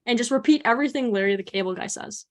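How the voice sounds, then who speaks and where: A woman with a Chicago accent, chatting in a lively, laughing way as a podcast host. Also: a little high, fast. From Chicago area, USA. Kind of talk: casual interview chat.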